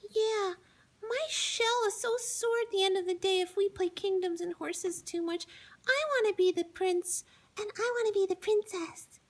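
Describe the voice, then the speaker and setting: A woman voicing an excitable small puppet animal in a kids show, talking in an eager, bouncy way. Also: extremely high pitch, moderate pace.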